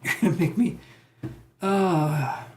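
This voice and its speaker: A man's voice: high-pitched, takes it slowly, darkish tone. A man reading tarot on a live stream, chatting casually and rambling as he reacts to viewer comments.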